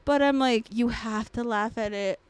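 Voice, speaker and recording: A young woman co-hosting a casual podcast, swearing freely and laughing through her stories. Her voice sits a little high, and the sound is dry and close. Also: normal speed, clear, resonant tone, no echo. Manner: crude, loud, laughs a lot. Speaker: podcast co-host. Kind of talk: casual chat.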